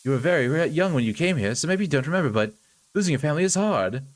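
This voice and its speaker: A man voicing a caring, devoted young woman in a visual novel read-through, speaking softly and pleadingly. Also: a little high, expressive, quick pace, pitched above the performer's own voice, natural voice. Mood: tender. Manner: soft, pleading and tender.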